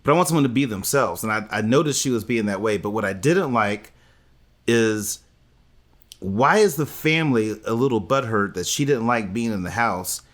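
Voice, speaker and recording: A man's voice: lowish voice, expressive, moderate pace. A man co-hosting a podcast, giving blunt opinions in a casual chat. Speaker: podcast co-host.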